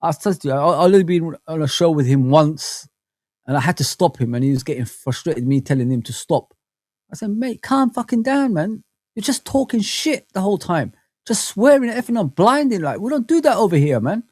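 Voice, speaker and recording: Male streamer, a touch higher pitched than most men, animated and rambling, close dry mic. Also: fairly quick, no room sound. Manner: animated, rambling, heavy on slang fillers like bro and man. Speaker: host of a live football fan chat. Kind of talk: casual live-stream chat, reading comments aloud.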